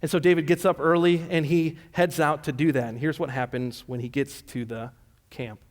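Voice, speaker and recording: A male pastor preaches a sermon, retelling scripture in an easygoing, conversational way. His voice sits somewhat high for a man. A long reverb trails him through the church hall. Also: fairly even intonation, moderate pace. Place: church sanctuary.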